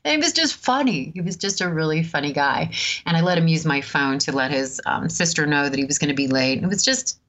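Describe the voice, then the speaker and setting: Low-voiced woman in her fifties, storytelling. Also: lively intonation, a little fast. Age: 50s. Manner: warm, laughing often, many ums. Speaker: host. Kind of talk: storytelling talk.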